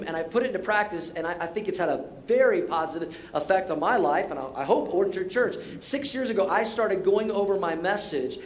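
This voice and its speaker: A middle-aged man preaching a sermon as pastor, conversational and self-deprecating, with short repeated exhortations. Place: church sanctuary. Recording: roomy church sound with faint rumble.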